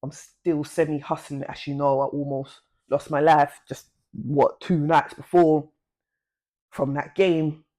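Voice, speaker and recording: A woman telling a personal story to camera in a casual, chatty vlog style, full of slang, who jumps up in pitch to act out what people said. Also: level tone, a little slow, warm tone. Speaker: vlogger.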